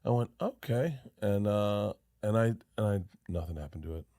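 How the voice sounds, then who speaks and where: A man's voice: on the low side, expressive, normal speed, warm tone, dry recording, clean studio sound. A man telling rambling, self-deprecating stories in a casual podcast chat, with many restarts. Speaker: comedian guest.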